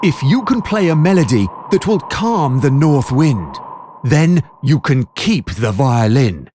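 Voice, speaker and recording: A storyteller voicing a calm, wise woman with a wand who gives instructions. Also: mid-range voice, measured pace, a little hiss or hum.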